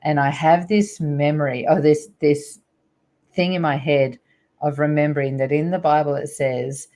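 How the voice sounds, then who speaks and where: A woman's voice: sits low, steady tone, normal speed, warm tone. A middle-aged woman, a guest on an interview show, earnestly recounting a personal spiritual story in a rambling way with many fillers.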